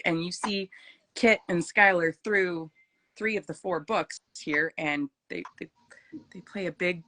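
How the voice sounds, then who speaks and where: A woman's voice: fairly low pitch, sharp tone, rough recording. Woman, host, casual book talk, gushing and full of restarts.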